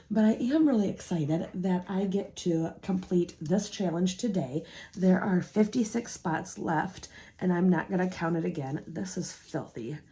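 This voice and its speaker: A woman's voice: fairly low pitch, warm tone. A woman from the United States vlogging casually to camera, talking through her budget and counting money aloud with emotion and gratitude. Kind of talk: casual chat to camera while counting cash.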